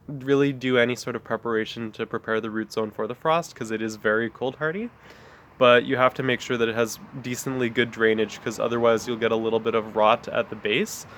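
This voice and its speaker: Out in a backyard garden, a man rambles through a casual plant vlog, packed with fillers and friendly side comments. He has a medium pitch and a bit of brightness, and there's a little hiss or hum on the recording.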